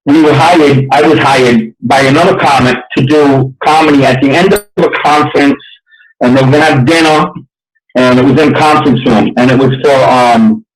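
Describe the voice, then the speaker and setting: A man who works as a stand-up comedian tells a story in a lively way and acts out the voices of the people in it. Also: medium pitch, normal speed, echoey room, low-quality recording. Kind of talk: storytelling anecdote.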